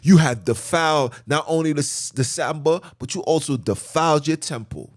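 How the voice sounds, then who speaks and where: A man hosting a podcast, giving a preacherly religious teaching in casual slang, repeating phrases and swinging from loud emphasis to quiet muttering. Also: on the high side, moderate pace, no echo, clean studio sound. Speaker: podcast host.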